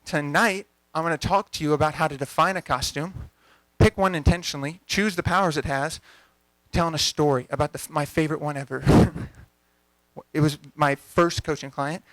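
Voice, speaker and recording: A man's voice: fairly high pitch, fairly even intonation, normal speed, a bit bright, no echo. A young man in his twenties giving a conversational talk at an event as a coach, telling a story energetically and acting out the dialogue. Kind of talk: storytelling talk to a live audience. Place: event venue.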